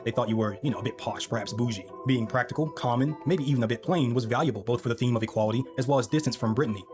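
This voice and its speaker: A man reads a scripted history narration at a very fast clip, throwing in wry asides to the viewer. Clear background music plays under his voice the whole time. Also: medium pitch.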